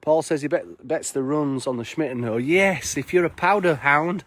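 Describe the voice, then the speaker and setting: A man's voice: a little high, normal speed, fairly bright tone, no room sound. Chatty man greeting stream viewers. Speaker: live-stream host and bar worker. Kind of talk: casual live-stream walking commentary. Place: outdoors on snowy town streets.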